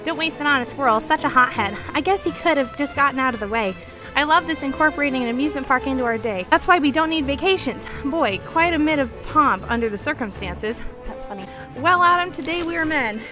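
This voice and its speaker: A woman's voice: high voice, animated, brisk, music in the background. A young woman vlogger reading a movie script aloud in a casual way, giggling and restarting lines.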